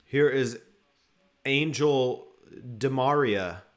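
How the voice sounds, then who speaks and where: A man's voice: medium pitch, very slow. A man hosting a live football watchalong, giving casual, joking commentary and reading viewer comments aloud. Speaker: watchalong host.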